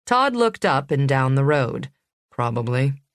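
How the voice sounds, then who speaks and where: A woman narrating a suspense audiobook in a measured, even reading. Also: deep voice, no echo, studio quality. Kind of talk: scripted narration.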